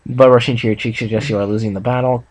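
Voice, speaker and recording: A man's voice: medium pitch, fairly even intonation, fast talker, crowd noise, low-quality recording. A young man reading a fan story aloud with stumbles and joking asides between friends. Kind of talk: casual reading and reaction chat.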